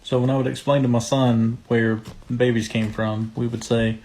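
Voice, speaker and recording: A man's voice: medium pitch, little pitch movement, moderate pace, a little mellow, rough recording. A man, a father, telling a story in a plain, puzzled way. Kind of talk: casual storytelling.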